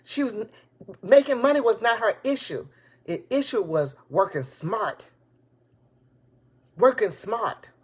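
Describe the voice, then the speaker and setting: A woman giving a live motivational talk to her viewers, excited and preachy, repeating her points and speaking in casual, folksy grammar. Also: fairly high pitch, slow pace, pauses often, husky. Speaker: motivational speaker and business coach. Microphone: tablet device.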